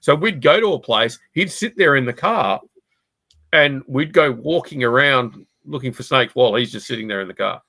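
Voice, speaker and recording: A man hosting a podcast, telling animated anecdotes, swearing freely and acting out what other people said. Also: medium pitch, normal speed, gravelly, no echo, poor audio. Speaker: podcast host. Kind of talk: casual chat.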